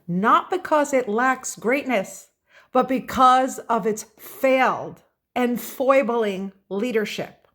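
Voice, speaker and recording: A woman's voice: fairly high pitch, slow pace, fairly bright tone. An American woman giving opinionated political commentary in a vlog, talking straight to her viewers and stressing key words. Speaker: political vlogger.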